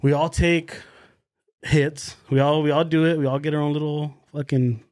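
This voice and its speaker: A young man with a slightly high voice tells a rowdy story on a podcast, cursing freely and laughing as he goes. He is recorded close on a dry mic with no room sound. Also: normal speed, dry recording. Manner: animated storyteller, swears freely, laughs through his story. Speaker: podcast co-host. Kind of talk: casual podcast chat.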